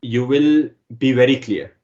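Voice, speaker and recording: Male French tutor, mid-pitched, explains each point patiently and repeats himself, on a slightly dull recording. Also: unhurried, darkish tone. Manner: explains step by step, often repeating himself with "okay". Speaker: French teacher. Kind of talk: online language lesson.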